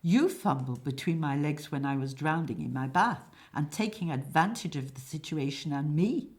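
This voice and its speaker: A woman's voice: low voice, expressive, moderate pace, darkish tone. A woman voicing an indignant, aggrieved man complaining primly in a comic stage play. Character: indignant soaked man, wounded and prim.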